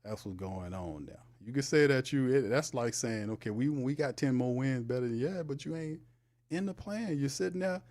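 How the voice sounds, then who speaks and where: A man's voice: mid-range voice, moderate pace, darkish tone. A man hosting a casual livestream sports show, talking loosely in slang and teasing viewers in the chat. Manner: loose slangy talk with frequent laughs.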